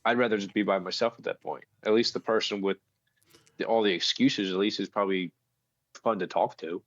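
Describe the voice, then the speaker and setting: Man, electrician co-host, blunt storyteller, low voice, dry slightly dull sound. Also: fairly even intonation, fairly quick, dry recording. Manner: blunt, storytelling, swears casually. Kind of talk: casual chat.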